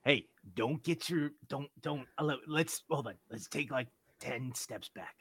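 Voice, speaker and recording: A man voicing a gentle male spirit guide who stammers and apologizes, in a game narrated at the table. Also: mid-range voice, a little slow, husky, no echo. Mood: apologetic. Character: gentle male guide in a loved one's form.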